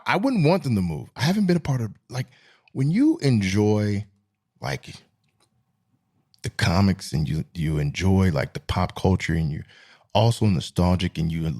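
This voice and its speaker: A man's voice: fairly low pitch, darkish tone. A man hosting a podcast, telling stories in a casual, rambling monologue and laughing at his own jokes. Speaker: podcast host.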